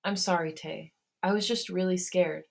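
A woman's voice: on the low side, steady tone, moderate pace, gravelly. A woman voicing a blunt young man, scared underneath and short-spoken, in a fan fiction read aloud. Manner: blunt, clipped.

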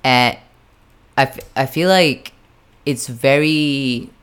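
A young man from Japan rambles through a party story in casual chat, packing it with "like" and "right?" plus the occasional curse. His medium-pitched voice is slow, smooth and a bit bright.

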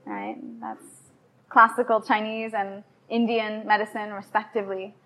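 A woman's voice: medium pitch, level tone, normal speed, vocal fry, bright, forceful tone. A woman giving a live evening lecture to an audience, chatty and playful, often putting questions to the listeners. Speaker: lecturer on raw food and yoga.

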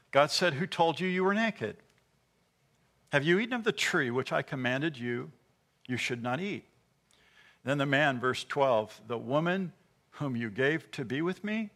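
A man's voice: on the high side, bright, forceful tone. A man preaching a sermon, teaching earnestly and asking his listeners rhetorical questions.

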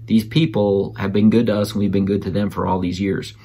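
A man's voice: fairly quick, slight background noise. A father casually telling a story about his child and giving other parents emphatic advice, his voice jumping up when he quotes people. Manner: animated, jumps up in pitch when quoting others.

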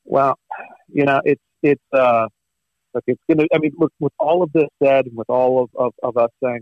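A male guest commentator at a medium pitch, speaking earnestly and often restarting his sentences. His voice comes through a slightly dull, narrow-band remote line with a dry, close sound. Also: no echo. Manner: halting, many restarts and fillers, earnest. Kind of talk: conversational political talk.

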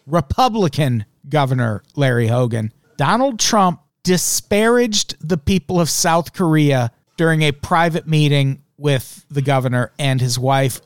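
A sarcastic, foul-mouthed man hosts a comedy podcast, his voice sitting a touch high. He laughs through his own jokes. The sound is dry and close, with no room around him. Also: smooth, no room sound. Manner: profane, sarcastic, laughing often. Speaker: podcast host. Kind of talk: casual comedic news chat.

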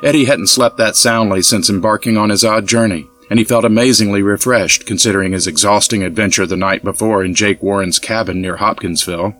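A man narrating an audiobook in a steady, measured storytelling manner. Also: fairly low pitch, soft background music. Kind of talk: scripted narration.

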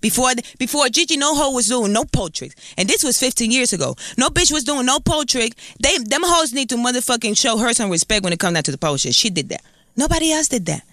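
A woman's voice: on the high side, animated, fast talker, a bit bright, no room sound, clean studio sound. A woman in her thirties from Puerto Rico with a Puerto Rican accent, talking bluntly and profanely as a guest in a casual interview. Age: 30s.

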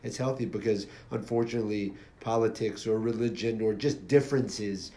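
A man hosting a podcast interview, talking in a relaxed, thoughtful, affirming way. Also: lowish voice, moderate pace. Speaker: podcast host. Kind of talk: casual interview chat.

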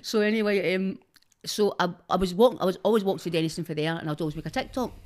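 A woman with a broad Glaswegian accent talks on a podcast in a rambling, sweary, laughing way. Her voice sits a little low, and she talks close to a studio microphone. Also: fast, a little mellow. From Glasgow's East End, Scotland. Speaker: guest, social media personality. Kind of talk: casual podcast chat.

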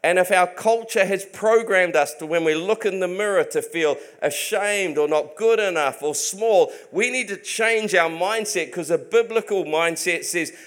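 Earnest high-voiced male preacher. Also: normal speed, few pauses, a bit bright. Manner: earnest, emphatic, with many restarts. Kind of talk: sermon.

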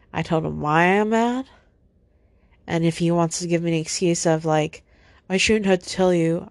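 A young woman hosts a solo podcast, venting while upset and near tears, sighing heavily again and again. Her voice sits on the low side with a darkish tone, and there's no room sound.

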